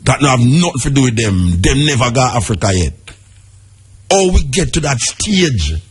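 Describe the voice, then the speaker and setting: A man's voice: medium pitch, very animated, moderate pace, husky. A Jamaican man giving an impassioned radio monologue in patois-laced speech, firing rhetorical questions at his listeners. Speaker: radio talk host. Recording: radio broadcast.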